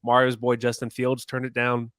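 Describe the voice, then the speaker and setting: A man's voice: medium pitch, monotone, moderate pace, fairly bright tone, smooth, no echo, clean studio sound. A man co-hosting a sports podcast in a casual, agreeable way, chatting with his co-hosts. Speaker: podcast co-host.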